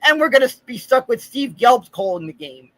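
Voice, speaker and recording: A man co-hosting a sports podcast in quick, frustrated casual chatter. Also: extremely high pitch, big pitch swings, pushed and bright, no room sound, faint music behind, low-quality recording. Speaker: podcast co-host.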